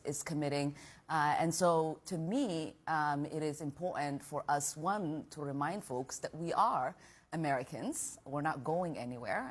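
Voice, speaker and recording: A woman politician answering an interview question in a measured way, with frequent fillers. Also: very deep voice.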